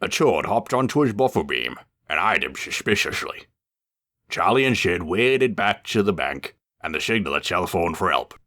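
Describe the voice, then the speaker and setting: A man reading a storybook aloud with lively, expressive narration. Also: low-pitched, normal speed.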